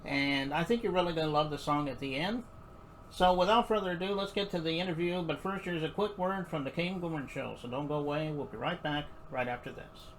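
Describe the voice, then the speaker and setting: A man hosting an interview show, friendly and halting, with many pauses. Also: fairly high pitch, a bit bright, poor audio. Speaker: show host. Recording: faint background noise.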